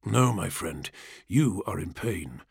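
A man reading the part of a grave, earnest male warrior-priest, speaking low, soothing and solemn, in an audiobook. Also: animated, takes it slowly, creaky, husky, dry recording, clean studio sound, full character voice.

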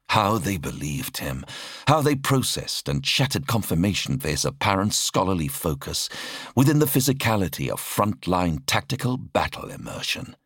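Male audiobook narrator, very deep voice, lively expressive delivery, dry close sound. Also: no echo. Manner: dramatic, expressive reading.

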